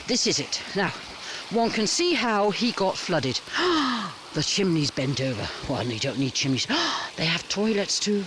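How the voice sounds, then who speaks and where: Chatty excited woman vlogger, voice bouncing all over, walking round outdoors with a camera, faint hiss. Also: medium pitch, moderate pace. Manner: chatty, excitable, many gasps and exclamations. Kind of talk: casual walking vlog chat. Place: outdoors at a rural old house, partly inside.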